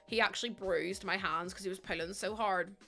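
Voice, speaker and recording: A woman's voice: mid-range voice, steady tone, brisk, creaky, sharp tone, soft background music. A pregnant woman, chatting casually and telling stories while streaming a game. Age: 20s. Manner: chatty storytelling with laughs and acted-out quotes.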